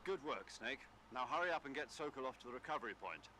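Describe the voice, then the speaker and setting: An actor playing a military officer giving orders over the radio in a video game, brisk and authoritative. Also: male voice, medium pitch, animated, sharp tone, a little hiss or hum.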